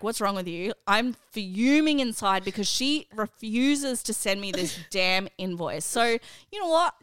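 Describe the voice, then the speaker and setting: A woman's voice: fairly high pitch, smooth, no room sound, studio quality. A woman, co-hosting a chatty podcast and telling a story with exasperated, swearing energy. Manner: animated, exasperated, swears, laughs often. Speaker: podcast co-host and mother. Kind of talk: casual chat, storytelling.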